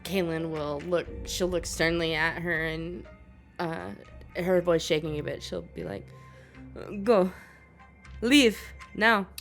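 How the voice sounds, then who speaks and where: A woman with a low voice and a gravelly rasp takes her turn in a tabletop game. She describes what her character does in the third person, hesitant and full of small fillers, over faint music. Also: level tone, a little slow. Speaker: player.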